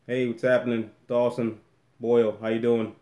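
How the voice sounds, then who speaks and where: A man's voice: mid-range voice, little pitch movement, normal speed, dark tone. A man chats loosely through a live stream at home, trailing off and circling back as he answers questions from the chat. His voice sits in a mid range and bounces around a bare, echoey room. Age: adult with a daughter. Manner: rambling, restarts often, reads chat aloud. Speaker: vlogger hosting a live Q&A.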